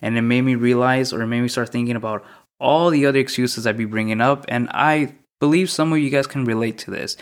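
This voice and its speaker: A young man hosting a solo podcast, talking through his thoughts in a mostly monotone, reflective way, often repeating questions. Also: medium pitch, a little fast, clear, resonant tone. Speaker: podcast host.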